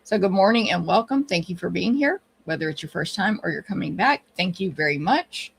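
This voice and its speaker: Middle-aged woman, Texan accent, husky voice, chatty live-stream host. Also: on the low side, expressive, a little fast. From Texas. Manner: chatty, greets viewers one by one. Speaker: livestream host and papercraft teacher. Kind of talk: casual live-stream chat.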